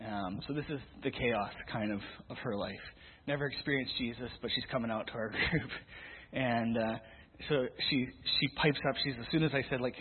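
Husky man telling a church story. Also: mid-range voice, brisk. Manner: animated storyteller, acts out quotes, many restarts. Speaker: youth leader sharing a testimony in church. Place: church hall. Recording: tinny, echoey hall recording.

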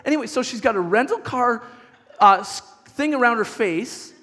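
A middle-aged man preaching a sermon as a pastor, telling stories in an animated, chatty way with many restarts. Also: extremely high pitch, normal speed. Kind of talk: storytelling sermon. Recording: long hall reverb.

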